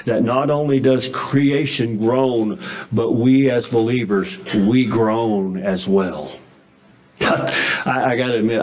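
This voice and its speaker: A man's voice: fairly low pitch, low-quality recording. Folksy preaching man, emphatic. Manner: folksy, emphatic, with frequent restarts and chuckles. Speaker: pastor. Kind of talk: sermon.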